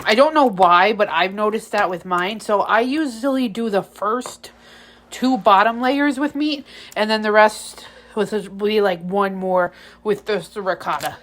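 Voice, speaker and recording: A young woman talks through her home cooking in a casual vlog, rambling and tossing in offhand jokes. Her voice sits at a middle pitch, easy and unpolished, recorded in a home kitchen. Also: fairly bright tone. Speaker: home cook.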